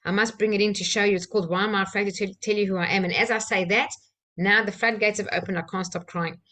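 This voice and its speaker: A woman, a personal-development trainer from South Africa, telling a candid personal story with soft laughs and fillers. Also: medium pitch, steady tone, quick pace.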